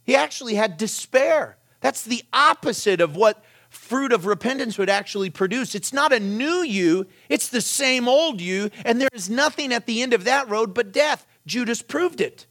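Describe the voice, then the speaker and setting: Middle-aged pastor guy with a high voice, chatty sermon, keeps asking the crowd questions. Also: animated, moderate pace, few pauses, a bit bright. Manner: conversational preaching with rhetorical questions and short anecdotes.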